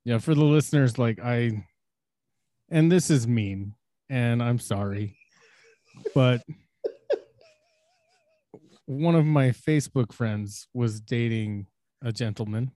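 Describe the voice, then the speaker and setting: A man's voice: mid-range voice, slow pace, pauses often, dark tone, no room sound, studio quality. A man co-hosting a podcast, cracking crude jokes and laughing often. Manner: wisecracking, laughs a lot. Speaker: podcast co-host. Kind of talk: crude casual chat.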